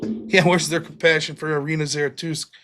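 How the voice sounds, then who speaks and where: A man hosts a live stream, reading viewer donations and ranting bluntly with plenty of heated swearing. His voice is a little high and a bit bright, fairly quick but flat in delivery, with slight background noise. It's a casual rant.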